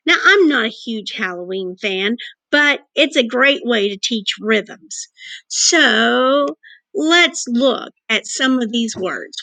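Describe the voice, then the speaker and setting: Woman, music teacher, distance-learning lesson; unhurried, crisp, sounds out every word for young students. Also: fairly high pitch, animated, sharp tone. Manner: slow, clear, sounding out words for young students.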